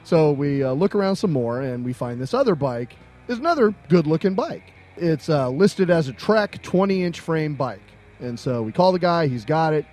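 A man's voice: on the high side, lively intonation, moderate pace, darkish tone. A middle-aged man co-hosting a podcast, telling a long anecdote in a casual way, acting out the other people's lines and laughing often. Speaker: podcast co-host. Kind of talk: casual storytelling.

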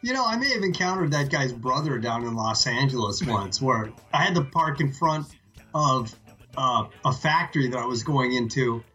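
Man, podcast co-host, casual joking banter, wry asides, bright sharp tone, faint music behind. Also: medium pitch, lively intonation, normal speed.

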